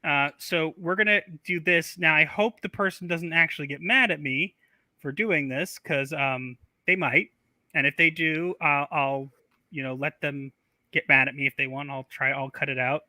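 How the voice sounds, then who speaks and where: A man's voice: a little high, fairly even intonation, normal speed, pushed and bright, no room sound. A man hosting a live stream in casual chat, rambling loosely with fillers and restarts.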